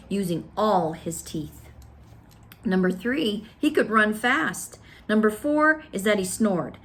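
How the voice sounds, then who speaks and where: A woman reading a children's novel aloud with steady, expressive first-person narration. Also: mid-range voice. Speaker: storybook reader.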